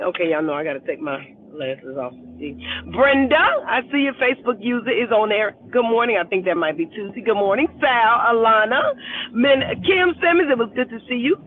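A woman hosting a casual live stream, greeting viewers one by one by name and laughing often while urging them to vote. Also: a little high. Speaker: livestream host. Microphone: phone camera held at arm's length. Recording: tinny phone-like audio.

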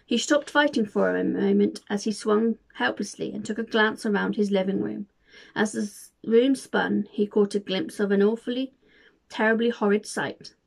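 A woman reading a children's storybook aloud with expressive, dramatic storytelling. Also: medium pitch, moderate pace, vocal fry. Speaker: volunteer reader.

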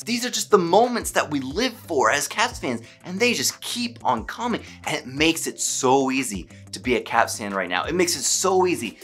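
Excitable man recapping a hockey game. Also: a little high, normal speed, hardly any pauses, soft background music. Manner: animated, emphatic, stumbles over words when excited. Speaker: hockey fan vlogger.

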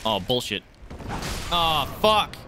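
A young man giving live commentary as he plays a game, reacting loudly and swearing often, yelping when startled. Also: a little high, big pitch swings, takes it slowly, noisy background. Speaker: streamer playing a game.

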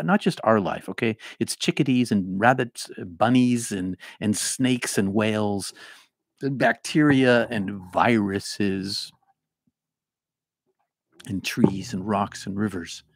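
Lively middle-aged man with faint Boston accent. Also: lowish voice, a little slow, no echo, clean studio sound. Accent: Boston, mostly trained out. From Boston area. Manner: animated, rambling, repeats words and restarts. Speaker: host reading viewer comments. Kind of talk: casual livestream talk.

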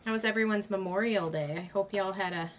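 A woman's voice: medium pitch, quick pace, slight background noise. A woman hosting a casual craft demonstration, chatting and greeting viewers by name as she works. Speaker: craft livestream host.

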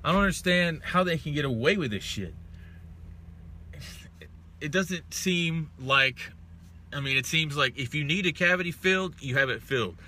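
A man's voice: on the high side, expressive, moderate pace, pauses often, bright, forceful tone, slight background noise. A young man from Texas hosting a casual live stream, greeting viewers and ranting with heavy profanity.

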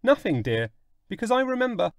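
A man's voice: extremely high pitch, sing-song, brisk, no room sound, studio quality, pitched above the performer's own voice, full character voice. A man voicing a Victorian housewife who speaks in an anxious, fussing way, for an audiobook reading. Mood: gentle. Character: flustered Victorian housewife, woman.

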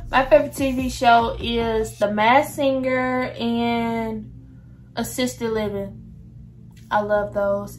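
A woman's voice: a little high, fairly bright tone. A young woman, chatting casually to her viewers in a get-to-know-me vlog. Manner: chatty, addresses viewers as "y'all". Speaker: vlogger.

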